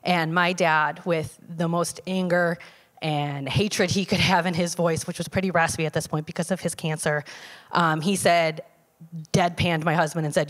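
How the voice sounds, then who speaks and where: Woman giving a halting church testimony. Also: lowish voice, steady tone. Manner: conversational, halting, with frequent fillers and restarts. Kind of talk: personal testimony told to a congregation. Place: church sanctuary. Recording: long hall reverb.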